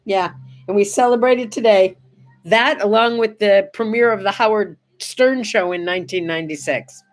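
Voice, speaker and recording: An older woman hosting a casual morning chat show, talking chattily to her viewers and going soft on sad memories. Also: medium pitch, moderate pace. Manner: chatty, warm-hearted, goes quiet and soft on sad memories. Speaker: host.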